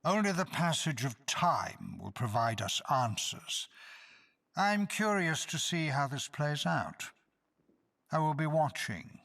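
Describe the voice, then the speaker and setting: An actor playing a mysterious hooded male stranger who speaks in slow, measured, ominous riddles. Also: on the high side, sing-song, gravelly, fairly bright tone, exaggerated voice. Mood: cryptic.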